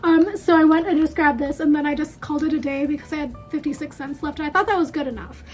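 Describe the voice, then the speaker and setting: A woman's voice: high-pitched, fast, a little mellow, faint music behind. A woman chatting casually through a haul video at home, rambling with lots of fillers and a bit out of breath. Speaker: beauty vlogger.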